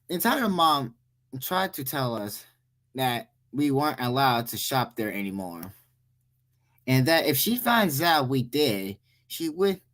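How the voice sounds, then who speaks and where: Young man, story reader, lively pitch, halting delivery, frequent restarts. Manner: stumbling, frequent restarts and self-corrections. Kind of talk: reading a Reddit story aloud.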